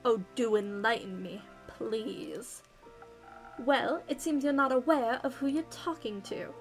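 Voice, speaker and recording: A woman's voice: on the high side, slow. A woman voicing a haughty noble female knight with an attempted British accent, speaking grandly, over faint game music. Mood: grandiose.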